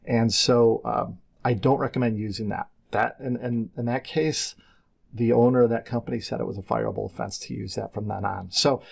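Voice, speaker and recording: A middle-aged man teaching a software class in a screen-recorded tutorial, talking casually and drifting into side stories. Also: medium pitch, steady tone, moderate pace, creaky, husky. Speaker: CAD instructor.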